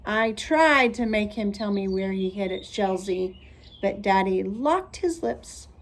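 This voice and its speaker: A woman's voice: medium pitch, animated, unhurried, lightly acted. A woman voicing a spoiled, prissy rich first-grade girl who talks in a whiny, showy way in a storybook reading.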